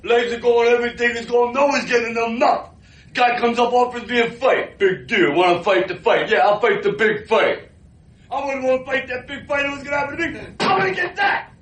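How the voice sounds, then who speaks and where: An actor playing a bitter, struggling boxer, shouting a tirade in a film scene. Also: male voice, very high-pitched, brisk, recorded from a distance. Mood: furious ranting. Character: bitter, struggling male boxer in his thirties. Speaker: film character. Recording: roomy film clip from afar with faint hiss.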